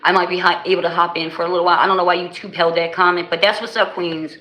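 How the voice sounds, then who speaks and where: A woman with a New Jersey accent chatting casually with viewers on her livestream, animated and laughing often, full of slang. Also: lowish voice, fast talker, few pauses. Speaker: livestream host. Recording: echoey room with faint noise.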